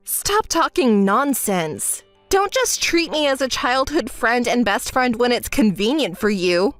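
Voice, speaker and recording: A woman narrating a dramatized texting story as the friend, speaking calmly in an exasperated, scolding way. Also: a little high, unhurried, hardly any pauses, no echo, soft background music.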